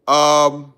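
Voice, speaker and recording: A man hosting a casual live stream, reading out viewer comments and riffing on them in a relaxed, slangy way and laughing often. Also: on the high side, smooth.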